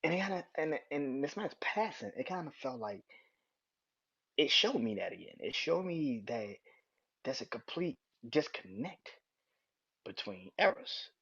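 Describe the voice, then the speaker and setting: A man's voice: medium pitch, big pitch swings, a little slow, vocal fry, a bit bright, breathy edge. A young man hosting a solo podcast, talking casually in a rambling way with frequent restarts and free swearing. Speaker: podcast host. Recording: dull lo-fi sound.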